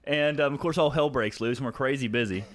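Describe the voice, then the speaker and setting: A man's voice: mid-range voice, quick pace, over a noisy crowd. A man on a podcast telling rambling, profane stories in casual chat, laughing often as he talks.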